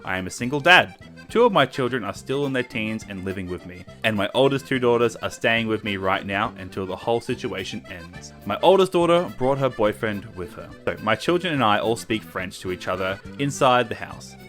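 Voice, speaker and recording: A man voicing a stern French father in an exaggerated, deliberately bad French accent, reading a story aloud. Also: on the low side, animated, fairly bright tone, soft background music. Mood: indignant. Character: over-the-top French dad, bad accent.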